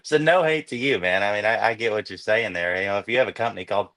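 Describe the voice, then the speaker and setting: Laid-back man, low voice. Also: fairly bright tone. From Texas. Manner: laid-back, chuckling, drawn-out "man" and "dude". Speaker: musician guest. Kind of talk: casual podcast chat.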